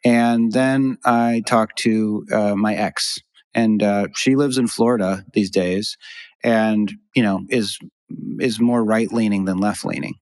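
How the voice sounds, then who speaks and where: A man's voice: lowish voice, steady tone, slow, a little mellow. Man telling rambling stories on a podcast. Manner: rambling, self-interrupting storyteller. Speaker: podcast host. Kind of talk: casual podcast conversation.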